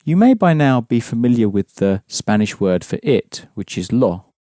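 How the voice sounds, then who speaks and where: A man's voice: medium pitch, big pitch swings, moderate pace, mellow, dry recording, studio quality. A man teaching a language lesson, explaining patiently and prompting his students with questions.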